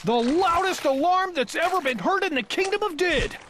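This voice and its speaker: A woman reading aloud, voicing a panicky, flustered male royal trumpeter who wails his lines slowly. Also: extremely high pitch, animated, background noise, voice pushed up. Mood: indignant. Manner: wailing, drawn-out and alarmed.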